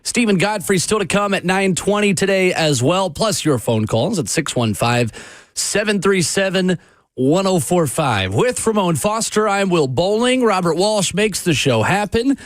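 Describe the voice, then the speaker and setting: A man hosting a sports talk radio show in a studio, chatty and energetic, laughing easily with his co-host. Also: sits high, unhurried, no room sound. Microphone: studio microphone.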